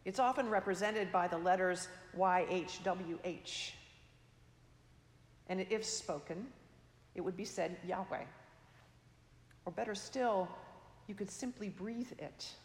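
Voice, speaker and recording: A woman preaching a sermon in a slow, measured, reflective way, her phrase endings trailing off softly. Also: mid-range voice. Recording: echoey hall, long reverb.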